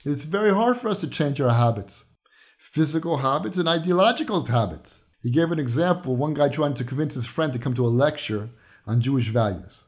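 In a brisk, animated delivery, a slightly high-voiced man teaches the weekly Torah portion on his religious podcast. His points come through earnest explanation backed by scripture and stories he retells.

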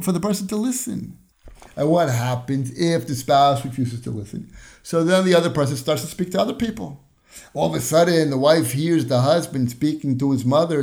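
On his podcast, a man offers a conversational Torah lesson in a slightly high, darkish voice marked by vocal fry. Everyday examples and little acted-out dialogues carry his explanations, along with an occasional chuckle.

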